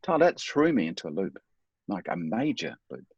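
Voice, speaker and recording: A man's voice: low-pitched, big pitch swings, fairly quick, a little mellow, breathy edge, no echo, muffled recording. A middle-aged man speaking as a guest, telling his life story in an earnest, reflective, self-deprecating way. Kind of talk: personal storytelling in a talk.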